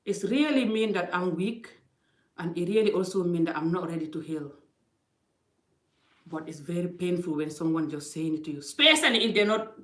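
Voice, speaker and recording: Emphatic woman vlogging on a phone. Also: lowish voice. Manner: emphatic, acts out quoted exchanges. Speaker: vlogger giving life advice. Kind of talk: casual motivational talk. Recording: roomy echo.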